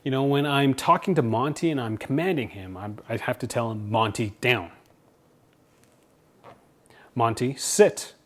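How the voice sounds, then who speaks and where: A man's voice: mid-range voice, a little fast, few pauses. A man speaking English as his first language, chatting casually and animatedly as he reviews smart home platforms. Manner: chatty, animated, self-deprecating humor. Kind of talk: casual tech review to camera.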